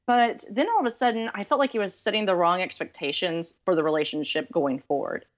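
Chatty southern woman rambling about her dates, lowish voice, kinda dull lo-fi sound. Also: a little fast. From Southern US, Texas. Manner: chatty, self-deprecating, many fillers. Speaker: author guest. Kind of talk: casual storytelling interview.

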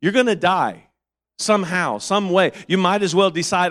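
A man preaching a sermon, reading and quoting scripture and repeating phrases, moving from quiet reasoning to loud, fervent calls. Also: high voice, moderate pace.

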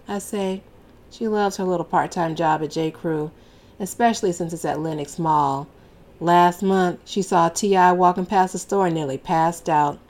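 Female audiobook narrator; wry, exasperated, lower register. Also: fairly even intonation, moderate pace. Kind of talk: first-person audiobook narration.

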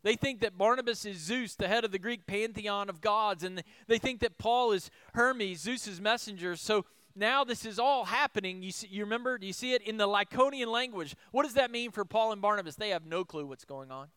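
A man preaching a sermon as pastor, asking rhetorical questions and swinging between loud emphasis and soft asides. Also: high-pitched, brisk, few pauses, clear, resonant tone, no echo.

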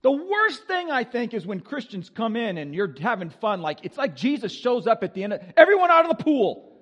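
Animated joking male pastor. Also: high voice, moderate pace, big-room sound. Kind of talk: sermon.

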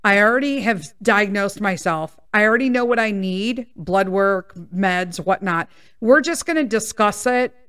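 A woman at a middling pitch talks casually through a personal story, wandering off on tangents and swearing freely. She sounds a bit congested and speaks with blunt, unfiltered candor. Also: a bit bright, smooth, dry recording, clean studio sound. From United States. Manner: candid, profane, rambling with tangents. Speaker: podcast host.

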